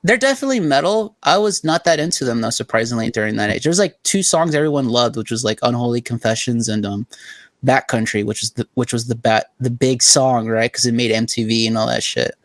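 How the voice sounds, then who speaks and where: A man's voice: medium pitch, expressive, brisk, dry recording. Rambling, profane young man storyteller. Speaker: podcast co-host. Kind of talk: casual chat.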